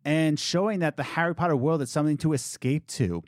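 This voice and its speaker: A man hosting a casual podcast chat, talking in an animated, joking way with restarts and asides. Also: on the high side, a little fast, no echo, clean studio sound. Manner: animated, jokey, wordy with restarts. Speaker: podcast host.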